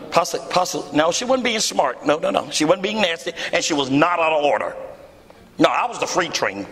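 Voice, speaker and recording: Male pastor, preaching, bright sharp voice, lively theatrical storytelling, echoey church hall. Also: fairly quick. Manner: animated, acts out dialogue with big pitch swings. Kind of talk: storytelling sermon. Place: church hall before a congregation.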